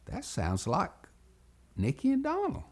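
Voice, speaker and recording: Man doing a father, calling out, searching, gravelly, wide-ranging voice. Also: sits high, huge pitch swings, a little slow, voice pushed up, full character voice. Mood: puzzled. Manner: calling loudly from afar. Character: father calling out for his lost sons.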